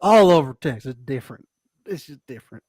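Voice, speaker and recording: Lively, laughing man co-hosting a show. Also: a little high, quick pace, noisy background. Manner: animated, laughs often, acts out quotes. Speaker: podcast co-host. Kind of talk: casual recap chat.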